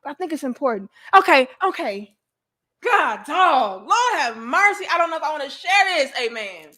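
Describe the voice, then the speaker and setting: A woman's voice: high-pitched, moderate pace. A young woman hosting a talk show, telling a candid, profane story to her viewers. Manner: animated, profane, talks to herself. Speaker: podcast host.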